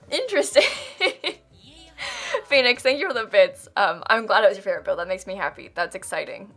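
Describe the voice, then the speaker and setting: A woman's voice: medium pitch, big pitch swings, measured pace, long pauses, fairly bright tone. A young woman from Florida with a General American accent, chatting casually with viewers on a live stream, giggling often and filling with ums and likes. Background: faint music.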